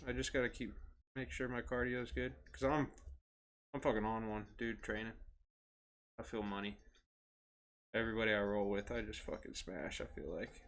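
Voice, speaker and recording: Young guy on a podcast, bright tense voice, swears a lot, laughs through his stories. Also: on the low side, fairly even intonation, moderate pace, pauses often. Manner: storytelling, swears freely, laughs often. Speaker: podcast co-host. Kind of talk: casual chat.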